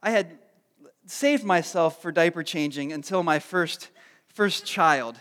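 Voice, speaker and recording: Brief: man, thirties, pastor preaching, high voice, humble and heartfelt, big reverberant sanctuary. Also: takes it slowly, a bit bright. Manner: self-deprecating storyteller, earnest and heartfelt. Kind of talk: sermon with personal story. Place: church sanctuary. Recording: long hall reverb.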